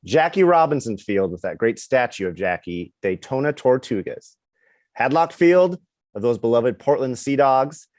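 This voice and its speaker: A man co-hosting a podcast, chatting in a playful, animated way and reading out a list of nominees. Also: medium pitch, moderate pace, no echo, clean studio sound. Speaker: podcast co-host. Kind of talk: casual chat.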